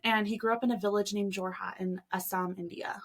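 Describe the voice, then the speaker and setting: A young American woman on a podcast telling her sister a true story in a relaxed, laughing way. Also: medium pitch, a little fast. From United States. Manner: easygoing, laughs often, friendly agreeing. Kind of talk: casual storytelling chat.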